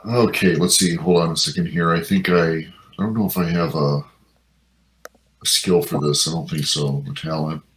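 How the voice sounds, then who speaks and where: Very deep-voiced hesitant male player. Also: steady tone, moderate pace, a little hiss or hum, rough recording. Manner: hesitant, thinks aloud. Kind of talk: casual tabletop chat.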